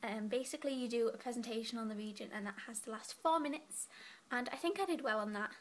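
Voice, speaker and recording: A woman's voice: on the high side, fast talker, a little hiss or hum. A young woman in her late teens chatting casually to camera from her bed, giggly and rambling, a little out of breath. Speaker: student vlogger. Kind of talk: casual vlog chat. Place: bedroom, lying in bed.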